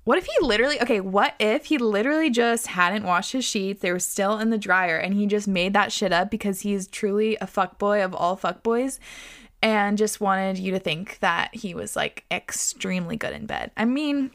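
Animated woman podcast host, laughing. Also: medium pitch, normal speed. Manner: animated, expressive, swears often, laughs a lot. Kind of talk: reading listener stories, casual chat.

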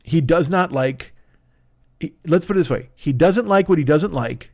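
A man doing a solo comedy podcast from his desk, talking close to a studio mic. He rambles, interrupts himself, and drops sarcastic asides. His voice sits a little higher than most men's. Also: animated, normal speed, a little mellow. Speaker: podcast host. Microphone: studio microphone.

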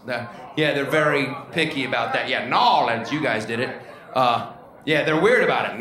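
A man who is a comedian and podcast host, telling a rambling, animated comic story and then interviewing a guest. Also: mid-range voice, a little fast, crowd noise. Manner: rambling, animated, self-mocking. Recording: echoey room with audience noise. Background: audience laughter.

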